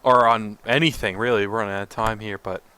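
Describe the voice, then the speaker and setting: A young man co-hosting a podcast, chatting casually about games in a relaxed, rambling way. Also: fairly low pitch, fast talker, a crowd in the background. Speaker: podcast co-host. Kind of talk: casual gaming chat.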